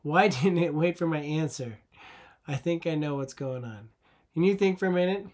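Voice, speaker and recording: A man walks through a coding tutorial in a relaxed classroom manner. His voice sits a little high for a man. He pauses to ask the viewer questions and then answers them himself. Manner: patient, conversational, asks rhetorical questions. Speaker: teacher.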